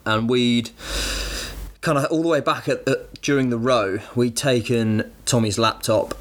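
A young British man co-hosting a podcast, chatting in a relaxed way, laughing often and chiming in on his friend's story. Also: mid-range voice, measured pace. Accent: British English. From England. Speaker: podcast co-host. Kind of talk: casual storytelling chat.

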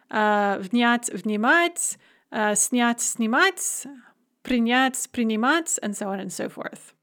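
A woman with a slightly high voice teaches a recorded grammar lesson. She is clear and methodical and walks through each verb form in careful, orderly lists. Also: a bit bright. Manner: clear, methodical, drilling word forms in lists. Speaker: language teacher.

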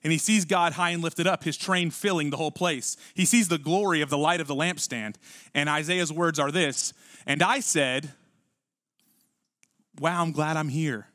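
A man preaching a sermon with a slightly high voice. He talks to the congregation like a friend, with lots of rhetorical questions, and now and then drops to a quiet, almost private tone. The recording is close and dry. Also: normal speed, dry recording. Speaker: pastor.

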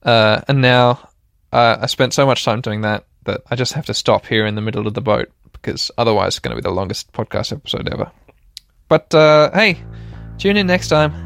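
A man's voice: mid-range voice, expressive, brisk, gravelly, a bit bright, dry recording, faint music behind. A man hosting a podcast while playing a video game, chatty and self-mocking, talking straight to his listeners and laughing often. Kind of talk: casual let's-play commentary.

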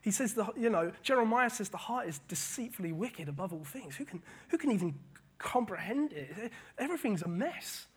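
A man preaching a casual sermon, animated, often repeating words and paraphrasing scripture. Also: high-pitched, a little fast, slightly rough.

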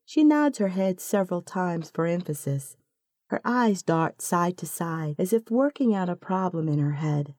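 A woman narrating a second-person story in a slow, calm and intimate manner. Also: lowish voice, dry recording, studio quality.

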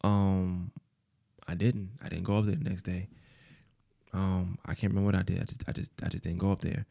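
A man's voice: deep voice, level tone, a little fast, vocal fry, warm tone, dry recording, clean studio sound. A man hosting a podcast, telling a personal story in a casual, rambling way, full of fillers and repeated phrases. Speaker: podcast host.

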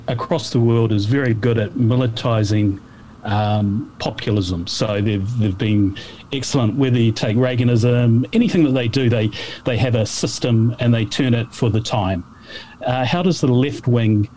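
A British man calls in to a talk podcast and asks his question in a halting, hesitant way, restarting his words. His voice sits at a middling pitch, with faint noise behind the call. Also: mellow, rough recording. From Great Britain. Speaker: caller.

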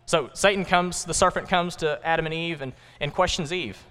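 A male pastor preaching in a church sanctuary, talking to the congregation in a conversational, emphatic way full of rhetorical questions. His voice is smooth and resonant, a bit high for a man. A long reverb hangs in the big room. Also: normal speed, hardly any pauses, fairly bright tone. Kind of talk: sermon.

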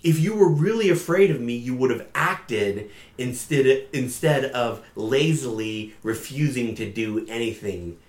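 A man voicing a stern king who scolds his servants in a measured way, recorded in an echoey room. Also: mid-range voice, close to an everyday voice. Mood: scolding. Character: wealthy king, stern when crossed.

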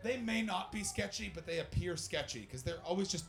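Soft music plays in the background while a young Canadian stand-up comic tells loose, profane stories and works the crowd with animated energy. His voice is high-pitched and gravelly, and his pace is a little fast.

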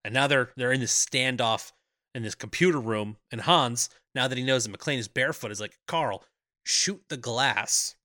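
A man's voice: medium pitch, brisk, pushed and bright, no room sound, clean studio sound. A man co-hosting a podcast, chatting casually as he recaps a film, laughing often and acting out the characters' lines. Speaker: podcast co-host.

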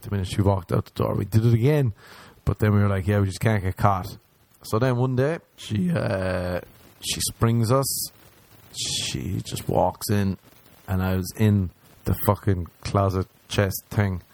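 A man's voice: lowish voice, measured pace, gravelly, a little mellow. A young man casually telling a rambling, profane anecdote, acting out the other people's lines as he goes. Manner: profane, rambling, acts out quoted voices. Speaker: storyteller.

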